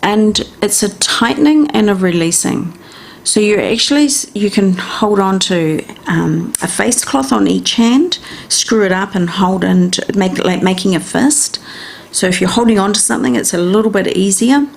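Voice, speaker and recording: A middle-aged woman with a New Zealand accent, hosting a radio health and wellness talk and gently coaching listeners step by step in a chatty way. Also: medium pitch, lively intonation, moderate pace, gravelly. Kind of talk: casual instructional radio talk.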